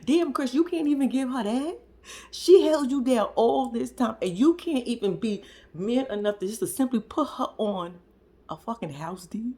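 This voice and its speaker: A woman's voice: a little high, moderate pace, dark tone. A woman, giving a casual recap of a reality show, laughing often and talking back to the people in it.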